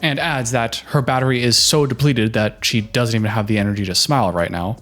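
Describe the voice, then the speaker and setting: A man's voice: medium pitch, fairly quick, fairly bright tone, faint music behind. A man doing casual reaction commentary, chatty and opinionated, giving relationship advice.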